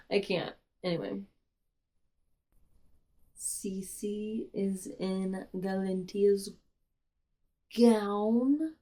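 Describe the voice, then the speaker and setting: Slow-talking woman reacting to a book. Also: medium pitch. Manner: reads passages aloud, then reacts with loud exclamations and whispers. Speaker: book vlogger. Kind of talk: excited reaction reading.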